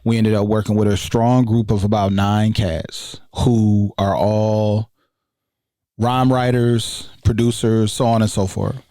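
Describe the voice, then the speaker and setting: A man, talking in a relaxed, casual way as a guest on a podcast interview. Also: lowish voice, measured pace, no echo, clean studio sound. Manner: relaxed, conversational, many fillers. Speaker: guest, education researcher.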